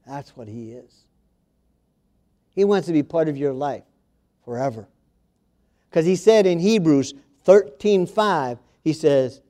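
A man's voice: fairly high pitch, expressive, a little slow, pauses often, dark tone. A man preaching a sermon to a congregation, reading scripture aloud and speaking to his listeners directly with emphasis.

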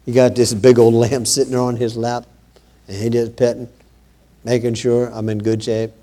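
In a level tone, a man preaches conversationally with frequent pauses, though his voice climbs louder and higher as he quotes scripture.

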